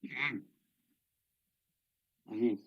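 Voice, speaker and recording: Slow, chatty man streaming. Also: medium pitch, lo-fi sound. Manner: chatty, rambling, greets viewers by name. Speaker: live stream host. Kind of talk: casual chat while eating. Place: home hobby room.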